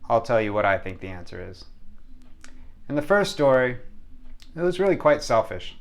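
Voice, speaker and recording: A man from San Diego telling a personal childhood story with a moral, in a lively way, sometimes hushed and sometimes excited. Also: medium pitch, normal speed. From San Diego, United States. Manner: lively, hums sound effects, shifts from hushed to excited.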